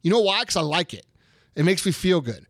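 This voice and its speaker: Brief: high-voiced man in his thirties, profane heated rant, bone-dry close sound. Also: big pitch swings, a little fast, dry recording. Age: 30s. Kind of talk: casual chat.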